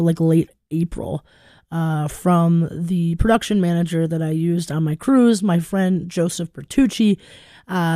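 Radio host, chatty and informal, mellow tone, dry studio sound. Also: female voice, fairly low pitch, no room sound. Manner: warm, chatty, filler-heavy. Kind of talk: community radio tribute show.

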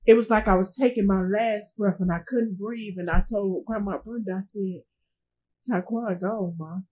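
A middle-aged woman, a grieving mother, speaking in an interview in a halting way, often repeating herself and trailing off. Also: mid-range voice, darkish tone, breathy edge, rough recording. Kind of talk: emotional interview testimony.

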